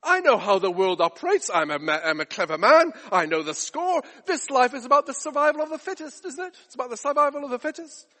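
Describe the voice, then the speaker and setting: Swaggering boastful husband voiced by a preacher, high-pitched, echoing hall. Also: male voice, lively intonation, quick pace, hardly any pauses, pushed and bright, heavily acted. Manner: brash, swaggering self-praise. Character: boastful ancient husband, cocky self-assured man.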